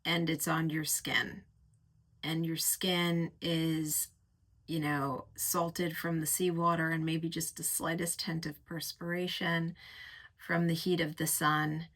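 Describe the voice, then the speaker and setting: A woman with a low-set but bright, forceful voice reviews perfumes in an unhurried, chatty way. She lingers over each word and gushes about the scents with vivid, sensual imagery, taking her time to let each phrase land. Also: flat delivery. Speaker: fragrance reviewer. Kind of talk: casual reviewing chat.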